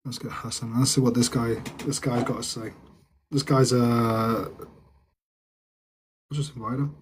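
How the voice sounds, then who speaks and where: A man's voice: mid-range voice, fairly even intonation, measured pace, slight background noise. A young man with a northern English accent, chatting casually on a live stream and answering viewers' comments. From England. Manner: chatty, loose, repeats himself while answering comments.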